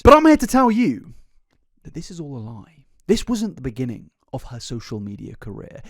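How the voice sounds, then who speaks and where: Lively laughing commentary host, man. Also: medium pitch, no echo, clean studio sound. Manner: animated, laughing, stumbling restarts. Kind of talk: commentary narration.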